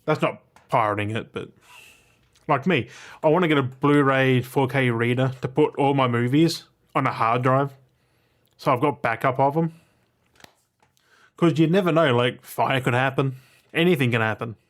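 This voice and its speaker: Blunt vlogger, rambling and offhand, mid-range voice. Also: male voice, mid-range voice, normal speed, long pauses. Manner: blunt, swears casually, digresses and restarts often. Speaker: YouTuber showing his weekly movie and game pickups. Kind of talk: casual rambling to camera.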